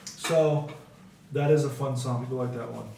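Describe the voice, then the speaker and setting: A man's voice: mid-range voice, steady tone, normal speed, gravelly, mellow, slight background noise. A young adult man, a guest comedian, chatting casually and correcting himself as he goes. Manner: rambling, self-correcting, conversational. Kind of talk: casual chat. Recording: roomy distant mic with faint background.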